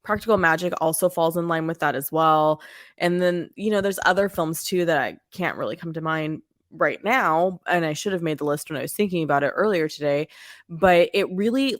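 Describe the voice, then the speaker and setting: A woman's voice: on the low side, normal speed, no echo, clean studio sound. A woman co-hosting a podcast in casual chat, thinking aloud and searching for her words. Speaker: podcast co-host.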